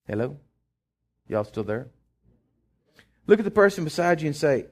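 A middle-aged man, preaching a sermon in a folksy, animated way with lots of restarts. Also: on the high side, moderate pace. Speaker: pastor.

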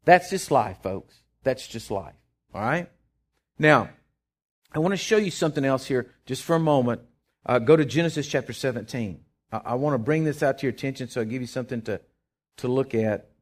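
A middle-aged man, preaching a sermon in a folksy, animated way with lots of restarts. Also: medium pitch, fairly quick. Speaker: pastor.

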